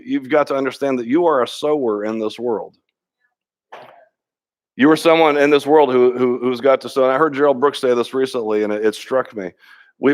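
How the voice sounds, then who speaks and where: A middle-aged pastor delivers a sermon in a relaxed, conversational way. His pitch sits at an ordinary level for a man. He often restarts phrases and repeats words, and he slips into quoted dialogue as he tells stories.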